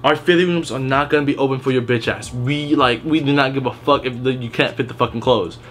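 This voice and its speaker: A man's voice: mid-range voice, fairly even intonation, fairly quick, a bit bright. A young man telling work stories in a casual vlog, blunt and heavily profane, rambling with restarts. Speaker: retail worker telling stories.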